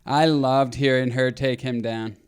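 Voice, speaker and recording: A young adult man co-hosting a podcast, talking in a relaxed, hesitant, wry way. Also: mid-range voice, measured pace, clean tone. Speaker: podcast co-host. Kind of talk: casual chat.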